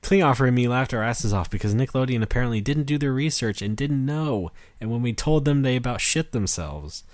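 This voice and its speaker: A man's voice: mid-range voice, expressive, a little fast, hardly any pauses, no echo. A man co-hosting a podcast in casual chat, laid-back, wry and profane, often reading quotes aloud. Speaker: podcast co-host.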